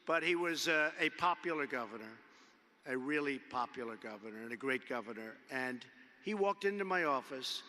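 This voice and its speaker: A man's voice: mid-range voice, lively intonation, normal speed, pushed and bright. A man in his seventies giving an off-the-cuff convention speech from a podium, rambling and repetitive, leaning on emphatic superlatives. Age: 70s. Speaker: public speaker addressing a convention. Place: large indoor convention arena. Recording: long reverb of a big arena.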